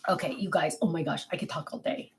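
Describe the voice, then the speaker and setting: Speaking quickly in a low register, this woman runs a laid-back livestream from her desk at home. She talks about her own life and replies to viewer comments with chatty self-mockery.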